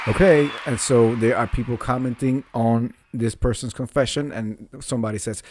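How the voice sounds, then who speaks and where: A man's voice: medium pitch, fairly even intonation, normal speed, few pauses, a little mellow. A man casually reading out an online confession and commenting on it, often amused and laughing. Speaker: social media host reading confessions.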